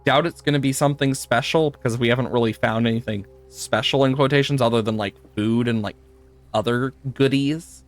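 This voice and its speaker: A man with a mid-range voice streams a puzzle game live, chatting fairly quickly to viewers, laughing often and swearing now and then. Faint music plays behind him.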